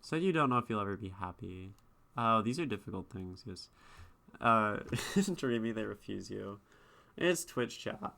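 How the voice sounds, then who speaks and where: Relaxed male streamer critiquing poems. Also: on the low side, measured pace, vocal fry. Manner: relaxed, thinking aloud, reads lines and breaks them down. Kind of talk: live-stream poetry critique.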